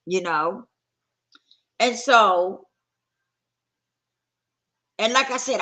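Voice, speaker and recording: A woman's voice: medium pitch, sharp tone. A woman sharing her personal testimony in candid, conversational storytelling, acting out the voices of people she quotes. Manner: conversational, acts out quoted dialogue.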